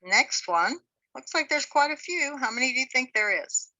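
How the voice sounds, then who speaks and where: A woman's voice: high-pitched, expressive, moderate pace, bright, forceful tone, low-quality recording. A woman teaching a beginners' language class, patiently sounding out words syllable by syllable. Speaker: Hebrew teacher. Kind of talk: slow spoken language lesson.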